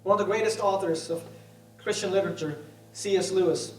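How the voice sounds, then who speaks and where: A male pastor preaching a sermon with emotion, dropping to hushed tones and rising to raised pleas. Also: sits high, steady tone, a little fast, a little hiss or hum. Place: church sanctuary. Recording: echoey church hall from a distance, soft music.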